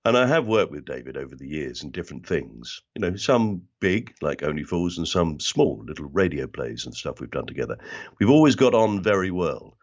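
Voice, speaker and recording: A man's voice: low voice, normal speed, muffled recording. An older man from South London with a London accent, telling stories as an interview guest and slipping into other people's voices. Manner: animated storyteller who slips into other people's voices. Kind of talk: casual interview chat.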